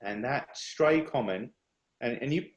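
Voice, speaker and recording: A man giving an earnest, confessional personal testimony over a video call, halting and restarting as he speaks. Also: medium pitch, expressive, roomy sound, poor audio. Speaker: speaker at a worship workshop.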